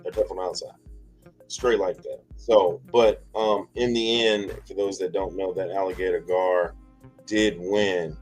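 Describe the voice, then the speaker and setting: A man hosting a casual livestream chat, rambling and halting, with many fillers and restarts. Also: low voice, fairly even intonation, faint music behind, poor audio. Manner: chuckles often between lines. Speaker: livestream host.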